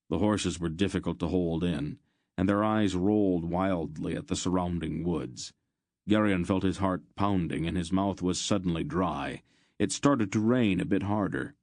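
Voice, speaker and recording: A man narrating an audiobook in a steady, measured way. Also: sits low, no room sound, clean studio sound.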